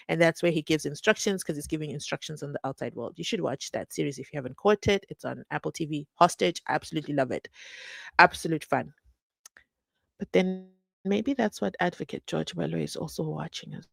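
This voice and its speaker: A gravelly, fairly low-pitched female voice comes through a dry recording. The speaker is a South African true crime host on a live stream, chatting casually, going through viewer comments, and laughing often with questions of mock disbelief.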